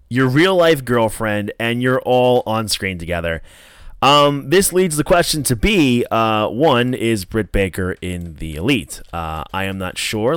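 Young man, wrestling podcast host, low voice, dry close sound, rambling fillers. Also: fairly bright tone, smooth, dry recording. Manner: rambling, many fillers, acts out quotes in a raised voice. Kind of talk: casual commentary review.

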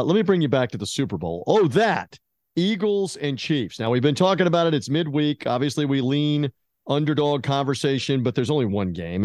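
A man's voice: mid-range voice, dry recording, studio quality. A man hosting a sports podcast, asking his guest rambling, jokey questions in a laid-back way. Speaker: podcast host. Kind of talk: casual podcast interview.

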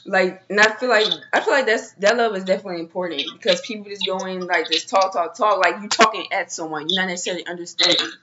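A woman in a casual group chat, animated and questioning, talking in quick bursts. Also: medium pitch. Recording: dull lo-fi audio with noise.

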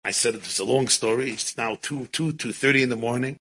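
Guy telling a long story w/ words mixed in, bright and kinda husky. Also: mid-range voice, fairly quick, poor audio. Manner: animated, mixes Yiddish and Hebrew words into English. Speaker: rabbi and storyteller. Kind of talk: storytelling talk.

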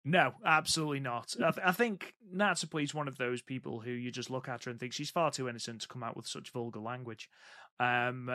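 Bright-sounding guy co-hosting a podcast, keen but measured, lots of ums, dry close mic. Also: mid-range voice, no room sound. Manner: enthusiastic, measured commentary with frequent ums. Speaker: podcast co-host. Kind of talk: casual podcast chat.

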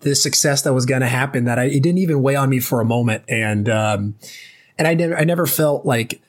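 A man's voice: medium pitch, brisk. Late-20s male guest, casual storyteller, full of fillers and restarts. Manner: loose, chatty, many fillers and restarts. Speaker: former ballplayer guest.

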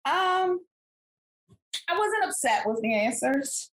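A woman, casually telling a family story as a podcast co-host, animated and laughing often. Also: high-pitched, takes it slowly. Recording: echoey room.

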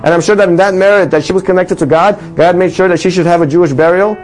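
Fast-talking man telling a moral story. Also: high voice, faint music behind, rough recording. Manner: animated storytelling, voice rises for dramatic lines. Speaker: storyteller teaching a religious lesson. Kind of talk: sermon-style story with a moral.

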